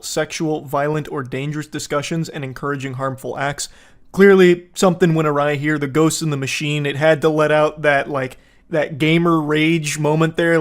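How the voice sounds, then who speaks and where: Wry man with a higher voice. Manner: dry, wry delivery laced with profanity and jokey asides. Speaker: commentator host. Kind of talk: casual commentary reacting to news.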